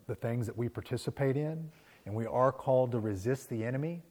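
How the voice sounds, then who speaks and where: A man preaching a sermon as a pastor, telling a story in a lively, conversational way and checking in with the congregation. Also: on the low side. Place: church sanctuary. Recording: long hall reverb.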